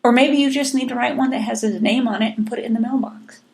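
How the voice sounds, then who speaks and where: A woman's voice: fairly high pitch, steady tone, fast talker, a little mellow. A woman hosting a podcast, chatting earnestly and encouragingly, often repeating her words. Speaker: podcast host. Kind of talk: casual chat.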